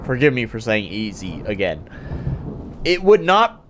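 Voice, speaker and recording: A man's voice: fairly low pitch, huge pitch swings, unhurried, background noise. A man streaming a game, giving casual gaming commentary while swearing and laughing at how janky it is.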